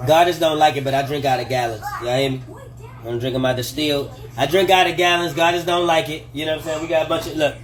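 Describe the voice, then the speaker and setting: High-voiced, animated man on a livestream. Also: fast talker. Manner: animated, profane, laughs often, acts out quoted voices. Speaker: livestream host giving relationship advice. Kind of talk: casual livestream talk. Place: home kitchen.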